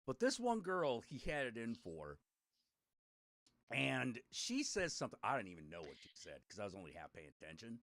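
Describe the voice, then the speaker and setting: A man's voice: lowish voice, big pitch swings, quick pace, few pauses, fairly bright tone, no echo, studio quality. A middle-aged man, a podcast host, telling a rambling story in casual chat, swearing freely and laughing as he goes.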